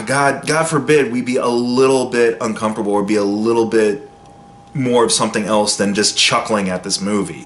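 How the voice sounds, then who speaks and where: A man giving a casual, opinionated spoken film review, with sudden jumps in pitch for emphasis. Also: fairly bright tone, roomy sound, slight background noise.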